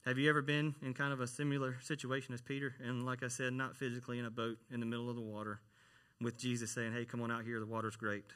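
A man's voice: mid-range voice, level tone, fast talker, a bit bright. A man, a church worship minister, preaching a conversational sermon and often asking the congregation questions.

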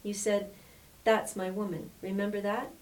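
A woman's voice: medium pitch, little pitch movement, moderate pace, a little mellow, lightly acted. A woman voicing a blunt, incredulous male friend in a read-aloud story, with a distant mic and faint hiss. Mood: teasing.

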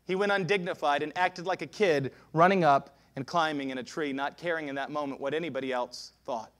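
Pastor guy preaching hard, high voice, goes quiet then shouts. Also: fairly quick. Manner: passionate preaching, swings between hushed and shouting. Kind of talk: sermon.

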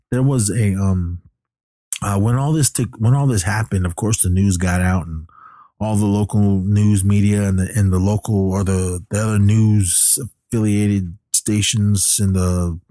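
Deep, dark-voiced man rambling through a movie recap. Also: no room sound, clean studio sound. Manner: rambling, many fillers and restarts. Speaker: film recapper. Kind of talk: casual movie plot recap.

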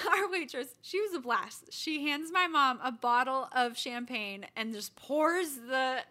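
A woman's voice: high voice, unhurried, sharp tone. A woman co-hosting a casual podcast, chatty and often laughing. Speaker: podcast co-host. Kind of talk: casual chat.

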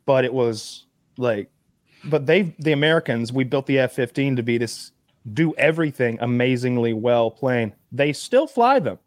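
A man's voice: mid-range voice, normal speed, no room sound, clean studio sound. A man on a casual chat podcast, telling stories in a rambling way with many restarts and fillers. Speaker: podcast co-host.

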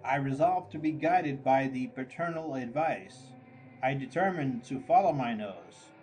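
A man narrating a story aloud in a measured, mock-grand storytelling manner. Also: mid-range voice, animated, darkish tone, soft background music, poor audio. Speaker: audiobook narrator. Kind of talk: scripted narration.

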